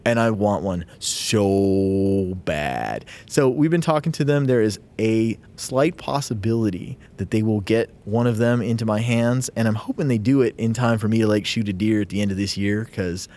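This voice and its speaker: A man's voice: on the low side, steady tone, fairly quick, hardly any pauses, darkish tone. A man hosting a podcast, talking enthusiastically in casual chat with his co-host. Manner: enthusiastic, gushing gear talk. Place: convention media room.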